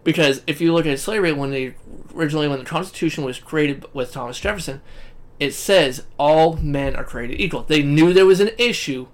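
A man with a slightly high voice co-hosts a podcast in casual chat. His talk rambles from point to point, and he swears freely. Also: a little fast. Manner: rambling and profane. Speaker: podcast co-host.

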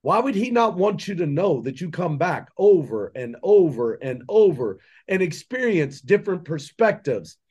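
Man, high-pitched, podcast guest, preachy, rhetorical questions, impassioned monologue. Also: big pitch swings, moderate pace, few pauses, darkish tone, slightly rough. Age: adult with children. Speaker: podcast guest, entrepreneur and mentor.

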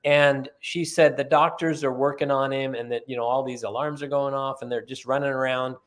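A man's voice: medium pitch, steady tone, brisk. Middle-aged man telling a story. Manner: earnest storyteller who acts out quoted dialogue. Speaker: podcast guest. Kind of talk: storytelling in conversation.

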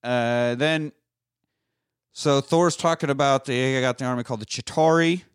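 A man's voice: mid-range voice, moderate pace, smooth, dry recording, studio quality. A man casually recapping a movie with a friend, rambling and swearing freely, breaking into quoted lines. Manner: rambling, profane, quotes lines in silly voices. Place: lives in Austin.

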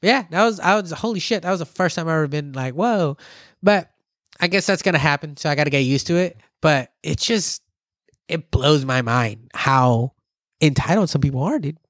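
A man telling a story in casual chat, animated and profane, who acts out what others said. His voice sits a little high and sounds dry and close to the mic. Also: a little fast, no echo.

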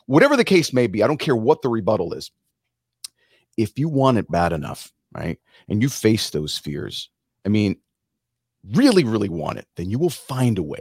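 A middle-aged man, a musician guest on a podcast, giving an animated motivational talk and acting out quotes in other voices. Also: fairly low pitch, moderate pace, slightly rough, dry recording, clean studio sound.

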